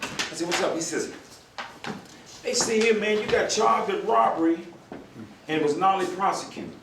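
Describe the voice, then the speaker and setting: A man's voice: high-pitched, normal speed, creaky, far from the mic, noisy background. An older man and retired marshal telling a story to an audience, acting out the other voices and laughing along. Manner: animated storyteller, acts out voices, laughs with the crowd. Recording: echoey hall, recorded from afar.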